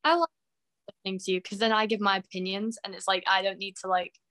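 A young woman co-hosting a podcast over a call, soft-spoken, agreeable and a little hesitant. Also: medium pitch, flat delivery, fast talker, no echo. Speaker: podcast co-host. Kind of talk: casual chat.

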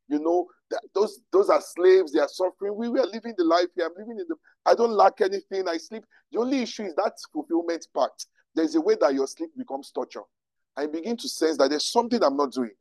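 A male pastor teaches a room of listeners. He keeps throwing rhetorical questions at them. His fairly high voice swoops constantly, and the sound is dry and close. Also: fairly quick, no room sound, low-quality recording. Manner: animated, rhetorical questions to the audience. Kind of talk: teaching talk to a live audience. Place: room with an audience.

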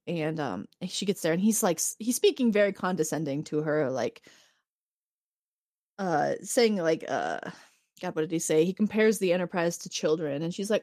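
A woman's voice: fairly low pitch, moderate pace, no room sound, clean studio sound. A woman co-hosting a podcast, casually retelling a TV episode, acting out the characters' lines and laughing often. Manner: animated storytelling, acts out quotes, laughs often. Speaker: podcast co-host recapping an episode. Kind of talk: casual chat.

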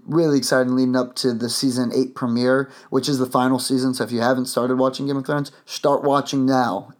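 A man's voice: medium pitch, a little mellow. Guy hosting a podcast, casual rambly chat, lots of ums and restarts. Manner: rambling, many fillers and restarts. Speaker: podcast host.

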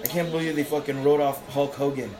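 A man's voice: a little high, brisk, rough recording. A man chatting casually on a podcast, rambling and swearing constantly. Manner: profane, rambling, animated. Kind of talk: casual chat.

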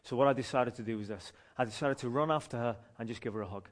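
A man, a street pastor telling a story from the pulpit in an animated way, often restarting his phrases. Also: mid-range voice, fast. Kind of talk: sermon testimony storytelling.

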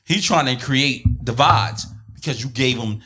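A man's voice: mid-range voice, animated, slightly rough. A man hosting a casual podcast conversation, talking over others to finish his point. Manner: fast, forceful, talks over others. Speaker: podcast host.

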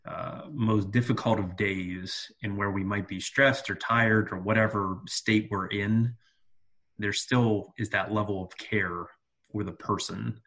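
A man's voice: fairly low pitch, a bit bright, breathy edge. A man co-hosting a coaching podcast, talking in an earnest, reflective way with frequent fillers and restarts. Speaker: podcast co-host, soccer coach. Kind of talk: casual podcast chat.

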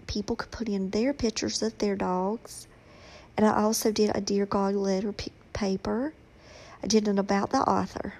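Brief: middle-aged woman vlogger, husky and mellow, slow halting delivery. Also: mid-range voice, low-quality recording. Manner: slow, reflective, halting with many ums. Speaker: author talking about her children's book. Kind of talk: casual personal vlog.

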